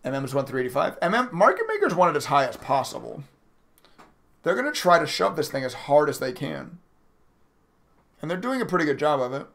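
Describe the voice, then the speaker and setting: A man's voice: fairly high pitch, wildly swooping pitch, brisk, vocal fry, long pauses, a bit bright. A young man streaming his day trading live, talking casually to his chat, frustrated and swearing as he reads messages. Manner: frustrated, swearing, chatting to viewers.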